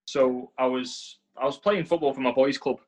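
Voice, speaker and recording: A man's voice: mid-range voice, moderate pace, darkish tone. Young Englishman, earnest, stumbling restarts. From England. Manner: earnest, repeats and restarts words often. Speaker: professional footballer, interview guest. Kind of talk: casual interview answers.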